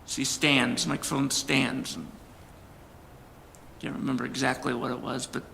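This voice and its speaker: A man preaching a storytelling sermon in a slow, gravelly, bright voice, earnest and animated. His voice rings out in a hall with a long reverb and faint ambience behind it. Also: medium pitch, a little hiss or hum. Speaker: pastor.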